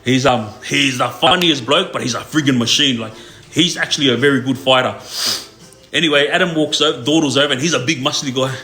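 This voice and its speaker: A man's voice: mid-range voice, a little fast, sharp tone. A man and former inmate telling prison stories to livestream viewers in a loose, laid-back way, with lots of fillers and tag questions. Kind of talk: casual storytelling to viewers.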